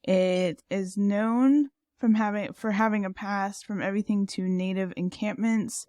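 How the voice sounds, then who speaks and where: A woman's voice: medium pitch, fairly even intonation, a little slow, warm tone, no room sound, clean studio sound. A woman co-hosting a podcast in casual chat, talkative, with lots of fillers and laughter. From lived in San Antonio, Texas. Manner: chatty, laughs often, many fillers. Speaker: podcast co-host.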